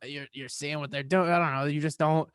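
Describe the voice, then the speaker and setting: A young man co-hosting a podcast, relaxed and teasing his friend. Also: on the high side, a little fast, smooth, no echo, studio quality. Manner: laid-back, laughing, teasing. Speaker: podcast co-host. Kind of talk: casual chat.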